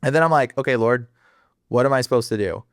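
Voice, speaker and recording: A man telling a personal story as a podcast guest, excitable and slangy, laughing often and jumping high in his voice when worked up. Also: fast, no room sound, clean studio sound.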